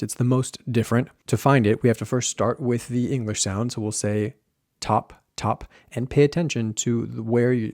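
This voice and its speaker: A man teaching pronunciation in a video lesson, slowly demonstrating sounds with careful repetition. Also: lowish voice, a little mellow, no echo, clean studio sound.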